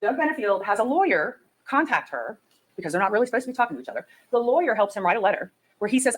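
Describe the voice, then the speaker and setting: A woman prosecutor giving a closing argument to a jury, building her case methodically and forcefully. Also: on the high side, expressive, very fast, husky, low-quality recording.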